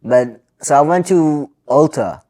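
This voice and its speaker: A man's voice: on the high side, a little slow. Guy ranting on a podcast, swears a ton, super casual. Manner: swears a lot, animated venting. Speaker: podcast co-host. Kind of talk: casual chat.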